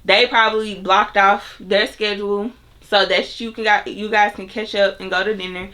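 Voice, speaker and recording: Bright-voiced young woman giving chatty advice. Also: mid-range voice, steady tone, normal speed. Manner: chatty, filler-heavy, talks straight to viewers. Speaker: vlogger giving self-help advice. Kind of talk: casual advice monologue.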